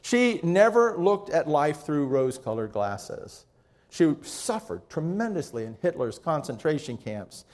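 Earnest, slightly high-voiced male preacher. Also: very animated, a little slow, darkish tone. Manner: earnest, conversational, addresses the congregation directly. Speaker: pastor. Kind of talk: sermon.

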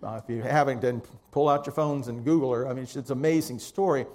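A man's voice: medium pitch, fast, darkish tone. A male pastor preaching a sermon in an earnest, conversational way, speaking directly to the congregation.

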